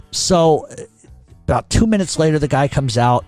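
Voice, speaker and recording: This middle-aged man's voice runs on the high side and a little fast, with a darkish tone, as he tells a long podcast story. He rambles, curses a lot, and keeps starting his sentences over. There's no room sound, just faint music in the background.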